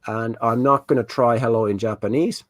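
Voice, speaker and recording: A man's voice: mid-range voice, steady tone, moderate pace, dry recording. A man hosting a casual quiz on a video call, joking and playful as he reads out the questions. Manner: jokey, playful. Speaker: quiz host at an online party. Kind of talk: casual virtual party quiz.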